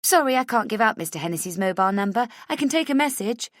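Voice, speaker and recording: A woman voicing a brisk, businesslike female receptionist on the phone. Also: medium pitch, expressive, dry recording, clean studio sound, voice pushed up, natural voice.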